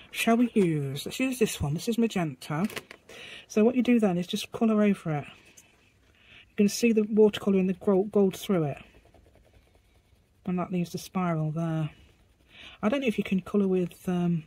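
Chatty, husky woman crafting. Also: on the low side, mellow. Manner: chatty and rambling, narrates while drawing, asides to her dog. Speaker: craft vlogger. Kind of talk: casual craft demonstration.

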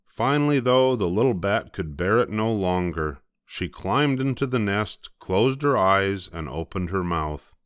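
An older man gently reading a children's picture book aloud, slowing down for the dramatic moments. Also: lowish voice, animated, no echo, studio quality. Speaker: storybook reader.

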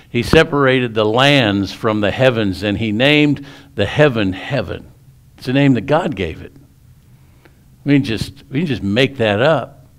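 A male pastor preaching a sermon in a folksy storytelling way, often restarting his sentences. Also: mid-range voice.

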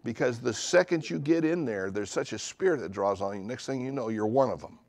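A middle-aged male pastor gives a charismatic sermon in a church sanctuary, his intonation lively and pace a little fast. He lowers his voice for asides, then builds to loud declarations with comic jabs.

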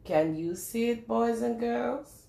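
A woman reading a picture book aloud to young children in a lively sing-song way, stopping often to ask them questions. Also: fairly high pitch, slow pace, gravelly, reverberant. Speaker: children's storyteller.

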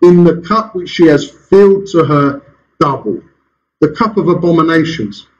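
A man's voice: on the high side, normal speed, dull audio. A man preaching a sermon as pastor in a church, asking rhetorical questions and chuckling between points. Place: church hall.

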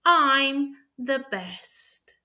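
A woman voicing a boastful, noisy male hare in a storybook read-aloud, loud and gloating. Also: high voice, expressive, drawn-out words, pitched above the performer's own voice, full character voice.

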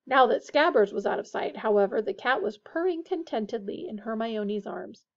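A woman reading a children's fantasy novel aloud in a steady, expressive way. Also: a little high, normal speed. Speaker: audiobook reader. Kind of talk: storybook narration. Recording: dull lo-fi recording.

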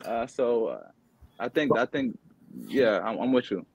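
Brief: mid-pitched man, panel imam, emphatic and questioning, dry close sound. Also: animated, unhurried, husky, no echo. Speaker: imam on a roundtable. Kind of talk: panel discussion.

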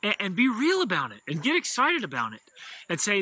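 A middle-aged man giving an energetic motivational talk as host, acting out quoted lines with enthusiasm. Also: high voice, fairly quick, slightly rough, no echo.

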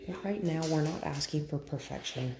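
A woman dog trainer demonstrating at home, praising softly and calmly, often dropping to a hush. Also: low voice, normal speed. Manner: soft, calm praise, often hushed to a whisper. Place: indoor home room with a dog crate. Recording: roomy echo with loud background noise.

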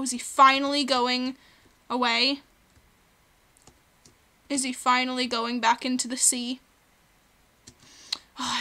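Bright, very high-voiced woman gamer. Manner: playful, chatty, talks to game creatures. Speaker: let's play host. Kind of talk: gaming commentary.

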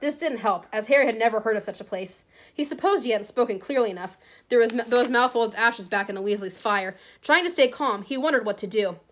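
Teacher reading aloud, higher voice. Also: female voice, a little fast. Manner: expressive, with small slips and restarts. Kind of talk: reading a novel aloud to a class.

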